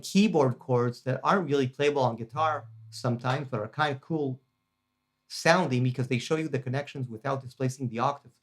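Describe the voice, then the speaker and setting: A man teaching guitar harmony in a casual, chatty lesson, enthusiastic and full of fillers and restarts. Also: mid-range voice. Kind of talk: casual lesson demonstrating a practice app.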